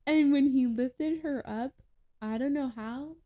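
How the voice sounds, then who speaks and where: Young woman, podcast guest, a touch high-pitched, rambling casual storyteller. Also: slow pace, mellow. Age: young adult. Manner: chatty, laughing, many fillers and restarts.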